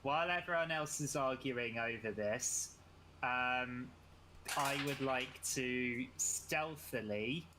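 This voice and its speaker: Slow, hesitant man over background noise. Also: medium pitch. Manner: hesitant, many fillers. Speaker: player. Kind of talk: casual tabletop play. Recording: noisy background.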